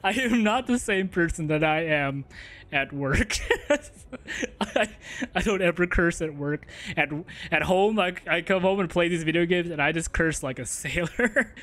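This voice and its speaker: A man telling a funny work story, then reacting loudly to a fighting game, laughing and swearing freely. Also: fairly high pitch, measured pace. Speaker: gaming YouTuber. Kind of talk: storytelling and live gameplay commentary.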